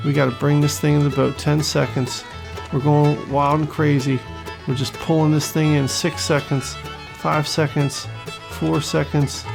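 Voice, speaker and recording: A man giving casual, excitable commentary over a fishing video game, joking around and swearing when a fish gets away. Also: a little high, a little slow, creaky, music in the background. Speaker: gaming channel host.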